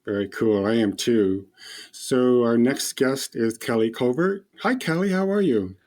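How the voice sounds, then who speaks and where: A man hosts a podcast and introduces his guest with short, friendly remarks. His voice is mellow and dark, at a middle pitch. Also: a little slow. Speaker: podcast host.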